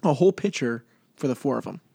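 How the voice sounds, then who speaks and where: A man's voice: mid-range voice, quick pace, vocal fry, no room sound. A man co-hosting a podcast, telling a story in casual chat, laughing often and acting out the people in it. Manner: animated, acts out voices in stories, laughs often. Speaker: podcast co-host. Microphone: podcast microphone.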